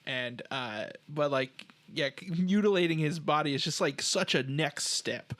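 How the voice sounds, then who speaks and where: A man's voice: on the high side, unhurried, a bit bright, no room sound. A man co-hosting a podcast, chatting casually about a film with short replies and laughter. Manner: brief agreeing replies, laughs along. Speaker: podcast co-host. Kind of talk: casual film review chat.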